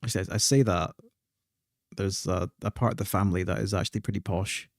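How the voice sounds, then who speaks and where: A man's voice: low voice, fairly even intonation, fairly quick, no room sound, clean studio sound. A young man chatting casually while he plays a game, stumbling over and repeating his words. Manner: chatty, stammers and repeats words, laughs often. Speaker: gaming streamer. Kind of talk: casual chat while playing.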